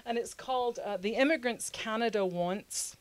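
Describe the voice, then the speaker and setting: A woman hosting a history show, explaining the past in a lively, conversational way with frequent laughs. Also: on the high side, moderate pace. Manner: lively, laughs often, acts out quotes in funny voices.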